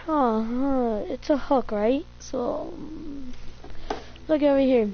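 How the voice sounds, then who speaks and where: A woman's voice: high-pitched, slow pace, a little hiss or hum. A woman giving casual, rambling commentary on her gameplay, joking around, swearing, and breaking into nonsense humming. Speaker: gamer streaming a shooter. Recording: dull lo-fi mic with faint game music.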